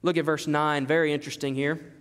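High-voiced preacher in a reverberant hall. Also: male voice, little pitch movement, brisk, fairly bright tone, clean tone. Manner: emphatic, repetitive preaching with rhetorical questions. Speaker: pastor. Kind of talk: sermon.

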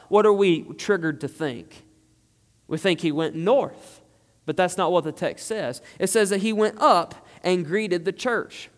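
A man's voice: sits high, big-room sound. A man preaching a sermon, building emphatically into fervent, pleading passages. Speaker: pastor.

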